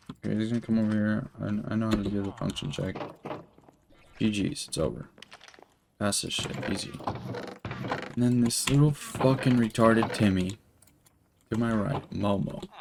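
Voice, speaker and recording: A young man in his twenties tells a rambling, profanity-laced story while he streams a game. His voice sits low with a gravelly rasp. Faint keyboard clicks can be heard under his talk. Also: noisy background. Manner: rambling, profane, filler-heavy. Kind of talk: casual storytelling while gaming.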